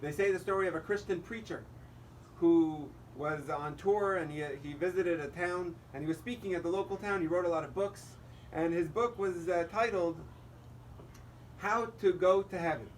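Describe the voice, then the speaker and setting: A man's voice: high voice, moderate pace, far from the mic, slight background noise, rough recording. A male rabbi giving a holiday sermon, telling a joke as a story and acting out the dialogue. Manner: storytelling, quoting characters in dialogue.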